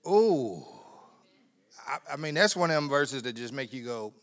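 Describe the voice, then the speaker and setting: A man preaching a sermon in a conversational way, repeating words, laughing often, and swinging from quiet asides to loud emphatic bursts. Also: mid-range voice, a little fast.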